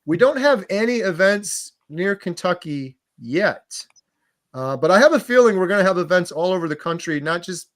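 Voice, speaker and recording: A man's voice: sits high, expressive, normal speed, dry recording. Upbeat man hosting a live chat. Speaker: livestream host.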